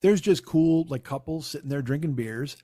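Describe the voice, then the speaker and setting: A man's voice: a little high, moderate pace, dark tone. A man, a comedian and podcast host, telling a long casual story and quoting people with "I go, he goes" and frequent restarts. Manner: rambling, conversational, quotes others with "I go, he goes".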